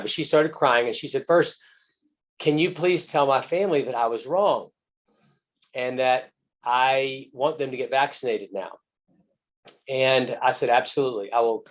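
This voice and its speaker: Male physician and guest speaker telling a story in an earnest, plain-spoken voice, mid-pitched, with muffled sound. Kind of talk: telling a story from his work. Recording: muffled, lo-fi webinar audio.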